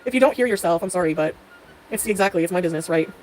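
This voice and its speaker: Woman, live-stream host, rapid speech, sarcastic, laughs a lot, faint hiss behind her. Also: on the low side, animated, darkish tone, low-quality recording. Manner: sarcastic, laughs often, answers commenters by name. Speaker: livestream host reading chat. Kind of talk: casual live-stream chat.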